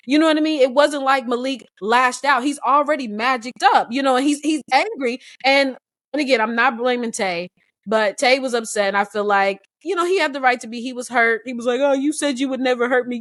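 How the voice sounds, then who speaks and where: A woman co-hosting a casual book club discussion, animated and opinionated, acting out the characters' lines as she talks. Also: fairly high pitch, dry recording, clean studio sound.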